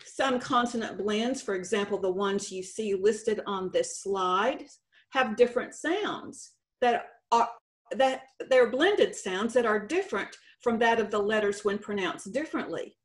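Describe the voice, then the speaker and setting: A woman, a contest director, giving a slide lesson on spelling and spelling out letters deliberately. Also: medium pitch, expressive. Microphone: presentation recording.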